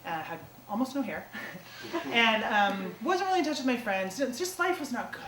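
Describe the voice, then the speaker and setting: A woman's voice: a little high, animated, normal speed, distant mic. A woman performing comic stand-up storytelling on stage, chatty and self-mocking, with many casual fillers. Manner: chatty, self-mocking, lots of "like" and "you know". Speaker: comedic storyteller. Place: small theater stage before a live audience. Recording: echoey theater taped from afar with audience noise.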